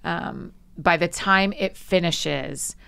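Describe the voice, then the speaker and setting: A woman guest on a podcast, chatting casually and telling stories with animated energy and quick asides. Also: on the low side, creaky, smooth. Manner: frequent laughs and quick asides. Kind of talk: casual conversation.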